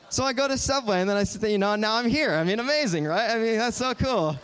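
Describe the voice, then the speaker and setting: A man in his twenties giving an animated, joking storytelling talk to an audience in a large auditorium. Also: on the high side. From Southern California. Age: 20s. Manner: animated, joking, quick asides. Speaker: guest speaker.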